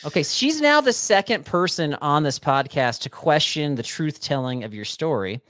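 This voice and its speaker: Lively-voiced man teasing his co-host. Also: fairly high pitch, no echo, clean studio sound. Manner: playful, teasing, quick to laugh. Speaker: podcast co-host. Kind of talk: casual chat.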